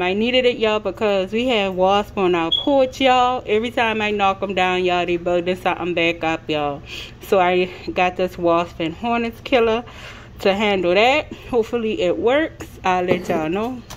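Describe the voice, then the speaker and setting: A woman in her thirties, a mom and lifestyle vlogger, chats casually at home and keeps addressing her viewers. Her mid-range voice moves at a normal speed, and the audio is poor, with a little hiss or hum.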